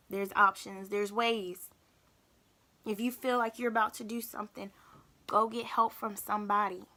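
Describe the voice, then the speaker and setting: A young woman talking openly in a personal vlog, halting and emotional, often repeating herself. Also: medium pitch, pushed and bright. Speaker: vlogger.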